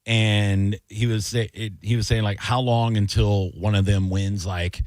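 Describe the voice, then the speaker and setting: A man's voice: lowish voice, fairly even intonation, a little slow, a little mellow, no room sound. A man hosting a radio aftershow, chatting casually and joking with callers, with lots of fillers and restarts. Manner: rambling, filler-heavy, joking.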